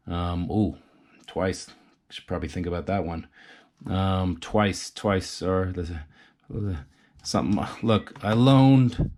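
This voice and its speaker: A man leads a casual rhyming lesson in a low, unhurried voice. He thinks aloud and tests rhymes one by one. His tone stays easygoing throughout. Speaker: rhyme coach.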